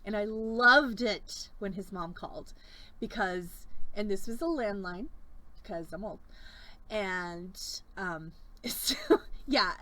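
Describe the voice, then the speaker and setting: A woman's voice: fairly high pitch, fairly bright tone, rough recording. Chatty woman selling beads on a live stream. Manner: chatty, rambling, laughs often. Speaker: live-stream bead seller.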